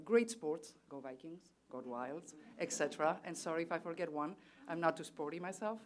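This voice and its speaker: A woman's voice: deep voice, a little hiss or hum. A woman from Spain with a Spanish accent and Spanish as her first language, giving formal, earnest prepared remarks as a trade official at a seminar and reciting statistics. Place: seminar venue.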